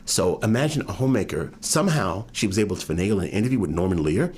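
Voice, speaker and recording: A man with a non-regional American accent, a guest author telling animated stories in a casual interview. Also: deep voice, fast talker. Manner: animated storyteller, drops into impressions.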